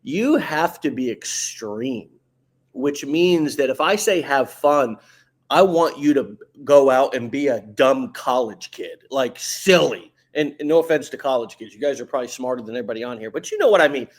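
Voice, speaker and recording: A man's voice: medium pitch, lively intonation, normal speed. A man hosting a podcast in casual motivational talk, emphatic and slangy, stumbling and repeating words as he gets going. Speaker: podcast host.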